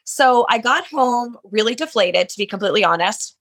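A woman's voice: a little high, animated, moderate pace, fairly bright tone. Chatty woman full of "like" fillers. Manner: chatty, frequent "like" fillers, candid. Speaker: handbag designer, business owner. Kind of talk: casual storytelling interview.

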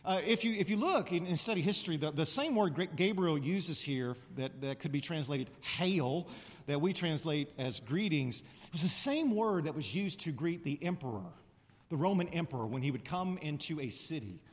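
A man preaching a sermon in a conversational, animated way, now and then breaking into loud proclamations. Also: on the high side, normal speed. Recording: reverberant hall.

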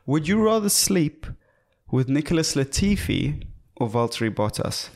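A man's voice: on the high side, sing-song, moderate pace, darkish tone. A young man co-hosting a podcast in casual chat, joking and swearing freely. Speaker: podcast co-host.

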